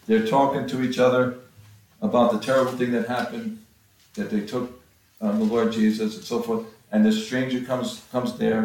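A man giving a halting Bible-teaching sermon, with frequent restarts and pauses. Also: fairly low pitch, a little mellow. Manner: halting, many restarts and fillers. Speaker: preacher. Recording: far from the mic in a very echoey room.

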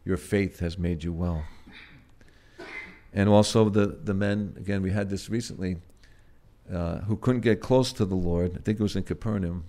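A man preaching a sermon in a gentle, halting way, pausing often and swelling loud on key words before dropping soft again. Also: lowish voice, fairly even intonation. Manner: gentle, halting, with frequent "uh" and restarts.

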